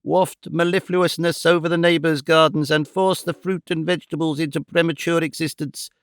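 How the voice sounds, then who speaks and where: A man doing a florid, batty old gentleman. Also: a little high, steady tone, normal speed, no room sound, studio quality, voice pushed up, close to an everyday voice. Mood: flowery. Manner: flowery, theatrical, drawn out. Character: eccentric old male neighbour, florid and mad.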